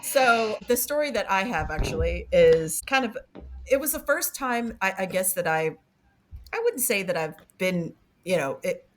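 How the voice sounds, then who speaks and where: A woman's voice: mid-range voice, big pitch swings, moderate pace. A woman in a mid-range voice talks as a podcast guest. She speaks casually and hesitantly, restarting sentences and hedging as she goes. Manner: hesitant, restarts and qualifies often. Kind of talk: casual conversation.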